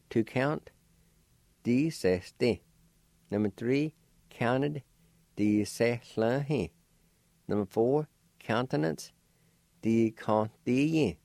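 A man's voice: on the low side, gravelly, a little mellow, dry recording. A man hosting a radio language lesson, patiently spelling and repeating words syllable by syllable.

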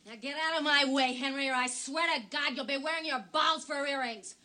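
A woman's voice: high-pitched, steady tone, fairly quick, sharp tone. An actress playing a bitter, scornful middle-aged wife in a film scene, berating her husband. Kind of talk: film dialogue.

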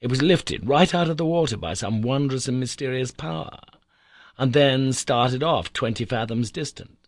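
A man narrating an old adventure novel in a measured, suspenseful reading. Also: medium pitch, no echo, clean studio sound. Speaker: audiobook narrator. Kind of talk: dramatic storybook narration.

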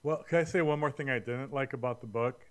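Speaking quickly in a mid-range voice, a man co-hosts a podcast and chats casually about a book. His review is full of blunt, opinionated complaints.

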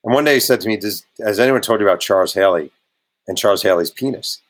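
A man's voice: fairly low pitch, fast. A man spinning locker-room anecdotes as a guest on an audio talk show. He talks casually and animates the stories by jumping into the voices of the people in them. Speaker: guest author. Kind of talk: casual storytelling interview.

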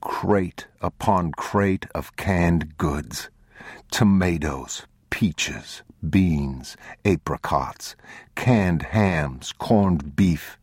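A man narrating an audiobook in a measured, grave, unhurried way, on a close studio mic. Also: sits low, a little mellow, slightly rough, no echo. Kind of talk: scripted narration.

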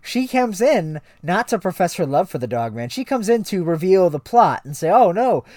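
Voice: medium pitch, big pitch swings, normal speed, a little mellow, no room sound. Rambling podcast co-host, dry sound. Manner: rambling, many restarts and fillers, swears. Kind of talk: casual comedic chat.

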